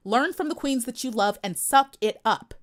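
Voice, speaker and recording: Young woman streamer from the US, slightly high-pitched, sharp and sassy, scolds her chat head-on. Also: expressive, normal speed. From United States. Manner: sassy, confrontational, emphatic repetition. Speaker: livestream host. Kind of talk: live stream chat commentary.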